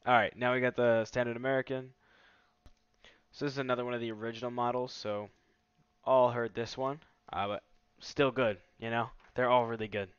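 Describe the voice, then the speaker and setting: A man hosts a relaxed, upbeat product demo with a salesy edge. His voice is smooth and resonant. The recording is dry and slightly muffled. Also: medium pitch, a little fast, dry recording. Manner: casual, enthusiastic salesy delivery. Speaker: tech vlogger host. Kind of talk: casual product demo commentary.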